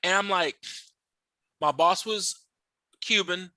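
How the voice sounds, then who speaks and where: A man with a high, bright voice tells a long, rambling story in casual podcast talk. He swears a lot, restarts sentences and leans on fillers. The sound is close and dry. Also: slow, dry recording. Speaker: podcast host interviewing a guest.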